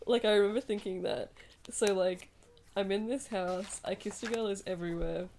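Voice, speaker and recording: A woman's voice: mid-range voice, normal speed, creaky, a little hiss or hum. A young woman in her twenties from Australia, co-hosting a podcast in casual, chatty talk, sleepy late at night. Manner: relaxed, chatty, swears and giggles. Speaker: podcast co-host. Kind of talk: casual chat.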